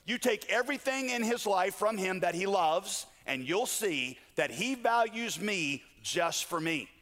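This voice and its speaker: Man doing God, booming questions, raised voice, long hall echo. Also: expressive, unhurried, a bit bright. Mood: challenging.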